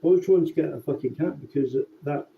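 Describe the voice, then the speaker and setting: A man telling a rambling, sweary story in a casual, relaxed way. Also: a little high, brisk, gravelly. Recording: tinny phone-like sound with faint background noise.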